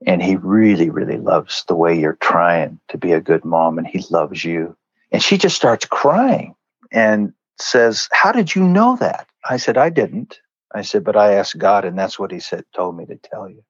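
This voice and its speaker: Low-voiced earnest man telling a story. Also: expressive, normal speed, husky, no echo, dull audio. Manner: earnest, conversational, acts out quoted lines. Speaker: guest. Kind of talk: storytelling in a faith interview.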